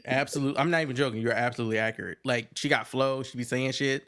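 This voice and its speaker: A man co-hosting a podcast in casual chat, animated and joking. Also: mid-range voice, clear, resonant tone. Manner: animated, joking, quick to laugh. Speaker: podcast co-host.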